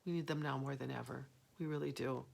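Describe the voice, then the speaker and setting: A woman's voice: very deep voice, fairly even intonation, quick pace, creaky. A middle-aged woman hosting a live jewelry sale, chatting, rambling and laughing easily as she shows each piece. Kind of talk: live shopping stream chat.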